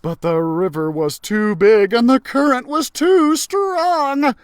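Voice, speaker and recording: A man who works as a librarian, reading a children's story aloud in an expressive, animated way. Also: very high voice, slow, clear, resonant tone.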